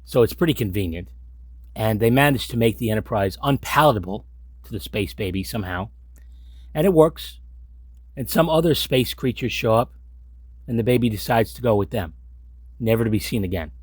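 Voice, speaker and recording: A man's voice: medium pitch, husky, no room sound, clean studio sound. A man giving casual, sarcastic episode commentary, swearing often and sounding incredulous. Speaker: commentary host.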